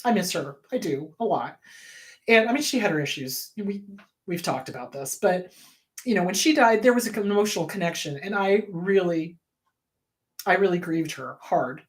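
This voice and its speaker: A woman therapist hosting a talk show, speaking candidly and bluntly, with sudden loud, high bursts when she quotes people. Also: lively intonation, moderate pace. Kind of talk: casual advice talk.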